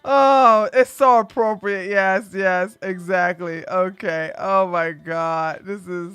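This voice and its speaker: A woman's voice: lowish voice, animated, a little slow, few pauses, fairly bright tone, clean tone, no room sound, soft background music. A woman hosting a live-stream reaction podcast, taunting and laughing gleefully. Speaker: podcast host.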